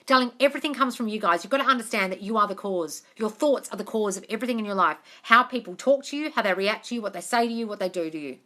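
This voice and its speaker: A woman's voice: a little high, fast, few pauses, pushed and bright. An Australian woman answering questions on a live stream as a manifestation coach, chatty and casually swearing, calling her listeners darling.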